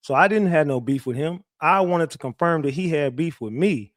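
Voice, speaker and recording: Animated, cussing man livestreaming. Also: fairly high pitch, moderate pace, dry recording, clean studio sound. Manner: profane, animated retelling with repeated restarts. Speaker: livestream host recapping a court hearing. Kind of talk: casual livestream storytelling.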